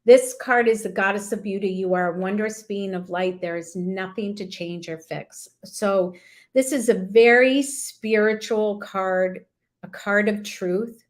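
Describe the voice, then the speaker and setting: A woman's voice: mid-range voice, a little slow. A woman doing a live angel card reading, speaking to her viewers in a soothing, affirming way. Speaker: intuitive card reader.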